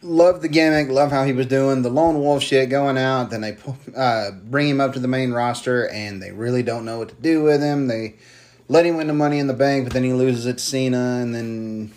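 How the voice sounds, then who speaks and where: A man's voice: mid-range voice, moderate pace, darkish tone. A man talking in a loose, heated podcast rant. He swears often and now and then slips into mocking voices to make his point. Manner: heated, swears freely, mocks wrestlers in put-on voices. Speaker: podcast co-host. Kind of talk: casual wrestling chat.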